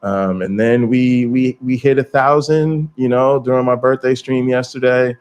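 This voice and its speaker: A man hosting a casual livestream, talking straight to viewers in an animated, profane way. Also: mid-range voice, unhurried. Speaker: streamer and channel host.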